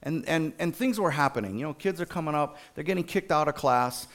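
A man sharing a story in an informal church talk, animated, with many fillers and restarts. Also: fairly high pitch, fairly quick. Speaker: school district staff sharing a testimony at church.

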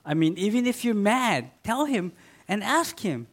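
A man preaching a sermon in an earnest way, rising to loud emphatic readings and dropping to soft asides. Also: sits high, big pitch swings, unhurried.

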